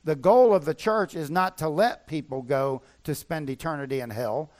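A man's voice: a little high, normal speed, darkish tone. A man preaching a sermon as pastor, emphatic and repeating his key points.

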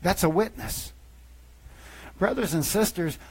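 A man preaching a sermon as a pastor, reading scripture aloud and swinging between loud emphasis and hushed asides. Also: on the high side, expressive, takes it slowly, low-quality recording.

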